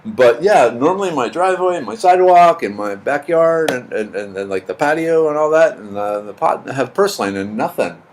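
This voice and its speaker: A middle-aged man on a livestream responds to viewers' comments in casual, rambling chat, often repeating words. He talks at normal speed with few pauses, medium-pitched and animated, with a slight hiss or hum behind him.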